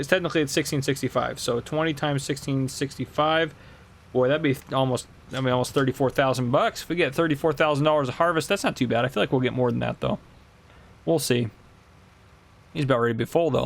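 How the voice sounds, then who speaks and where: A man hosting a farming game video, chatting casually and thinking out loud as he does sums and plans his next moves. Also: medium pitch, gravelly. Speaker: gameplay video host. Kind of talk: casual gameplay commentary.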